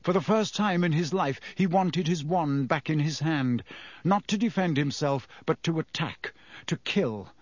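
A man reading a story aloud in measured scripted narration. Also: on the high side, no room sound. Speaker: audiobook narrator.

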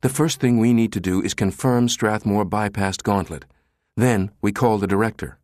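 A man voicing a pushy, fierce middle-aged woman analyst, talking in an insistent, sharp, clipped way. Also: on the low side, moderate pace, no echo, studio quality, natural voice.

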